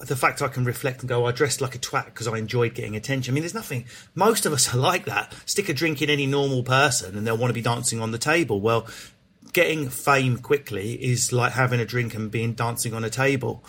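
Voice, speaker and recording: A man with a London Cockney accent talks through a candid interview, frank and animated. He swears freely and trips over his own restarts as the thoughts come. His voice sits at an everyday middle pitch. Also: a little fast, breathy edge. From England. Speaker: stand-up comedian, guest.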